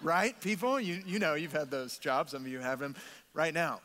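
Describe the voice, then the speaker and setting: A man's voice: a little high, normal speed, bright, forceful tone, in a large hall. A man preaching a sermon in a church, emphatic, repeating words and acting out quotes. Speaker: pastor.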